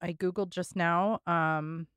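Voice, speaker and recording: A woman co-hosts a casual podcast in an easygoing, off-the-cuff way. Her voice is smooth and resonant, a little low, and close and dry. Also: steady tone, slow pace, fairly bright tone, no room sound. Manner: easygoing, thinks aloud with fillers. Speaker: podcast co-host.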